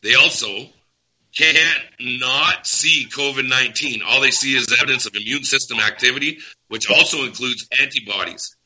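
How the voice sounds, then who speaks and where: A man speaks in a bright, sharp-edged voice, agitated and emphatic. He hammers his points home and repeats them, in the manner of a heated talk show rant. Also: medium pitch, normal speed, breathy edge, poor audio. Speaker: guest.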